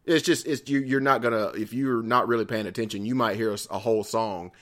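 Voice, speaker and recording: A man's voice: on the low side, fairly even intonation, quick pace, a bit bright. A man, telling stories in a casual podcast chat, rambling, swearing freely and laughing often. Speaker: podcast co-host.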